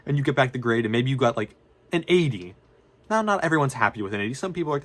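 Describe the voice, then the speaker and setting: A man's voice: medium pitch, lively intonation, fast. A young man, a student vlogger, talks casually and unscripted, rambling and correcting himself as he goes. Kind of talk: casual unscripted talk to camera.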